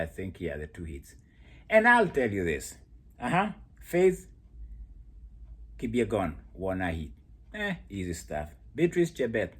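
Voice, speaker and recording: A man giving a casual, animated monologue analyzing track races, often laughing as he talks. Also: sits low, breathy edge. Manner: laughs often while talking, animated storytelling. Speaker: athletics commentator.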